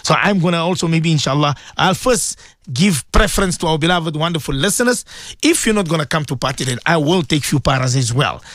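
A man who hosts a morning radio show as a Muslim cleric. He preaches emphatically to his listeners, repeating his points, and slows into drawn-out prayers. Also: on the high side, expressive, a bit bright, no echo. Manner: emphatic and repetitive, exhorting listeners.

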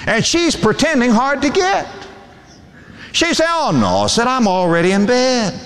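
A man's voice: sits high, fairly bright tone. A man preaching a sermon as pastor, reading scripture aloud in old English and swinging his voice up and down for emphasis. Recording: long hall reverb.

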